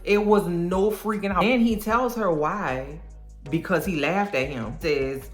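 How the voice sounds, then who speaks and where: A woman recapping a TV episode in a casual, animated, sassy way, full of slang. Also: medium pitch, moderate pace. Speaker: TV recap vlogger. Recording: roomy room with faint music.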